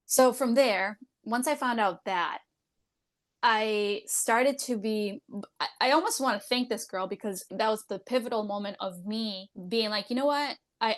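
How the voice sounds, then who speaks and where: Woman, dental hygienist, podcast guest, loud, giggly, laughs often, blunt, casual swearing, candid storytelling. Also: mid-range voice.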